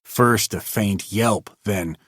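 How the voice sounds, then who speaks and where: A man narrating an old-time radio style story with expressive storytelling. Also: lowish voice, slow pace, slightly rough, no echo, clean studio sound.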